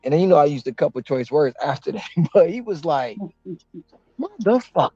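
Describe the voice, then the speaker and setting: Man, casual storyteller, animated, swears a lot, dry close sound, faint music behind. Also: a little high, fast talker, no echo, lo-fi sound. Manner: animated, swears freely, acts out quotes. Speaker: host, delivery driver.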